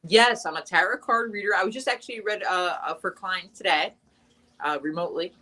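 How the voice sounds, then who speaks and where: A woman's voice: on the low side, a little fast, pushed and bright, rough recording. A young adult woman chatting casually in an interview as the guest actress, talking in long runs with lots of fillers and restarts.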